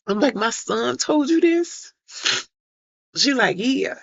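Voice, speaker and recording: Gravelly woman telling her story slowly. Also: a little high, expressive, dry recording, highs cut off. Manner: emphatic, repeats herself, acts out quoted voices. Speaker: vlogger. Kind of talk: personal storytelling to camera.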